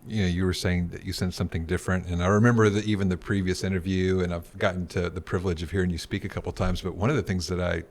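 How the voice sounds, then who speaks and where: Very deep-voiced, earnest man. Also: little pitch movement, fast, few pauses. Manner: earnest and thoughtful. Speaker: podcast co-host. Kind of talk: conversational podcast interview.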